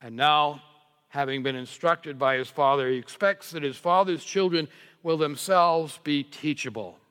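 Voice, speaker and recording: Male preacher, sermon delivery, bright and forceful, slightly high, long church reverb. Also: smooth. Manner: earnest, emphatic, slows on key words. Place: church sanctuary.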